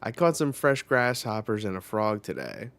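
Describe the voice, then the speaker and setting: A man's voice: fairly low pitch, big pitch swings, normal speed, a bit bright, no echo. A man voicing a cheerful young male musician who laughs a lot, read aloud from a manga. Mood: cheery. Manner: upbeat, laughing, friendly.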